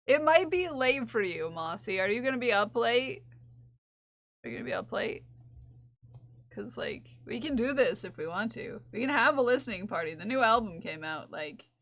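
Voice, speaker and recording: A woman's voice: fairly high pitch, fairly bright tone, dry recording, clean studio sound. Giggly young woman chatting on stream. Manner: giggly, gushing, talks to chat by name. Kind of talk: casual live-stream chat.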